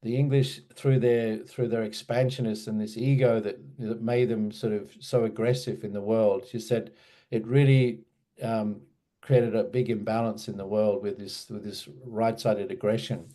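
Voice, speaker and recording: A man's voice: fairly low pitch, fairly even intonation, moderate pace, dark tone. A man, recalling a story in a hesitant, rambling way with many fillers. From Australia. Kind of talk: casual spoken recollection.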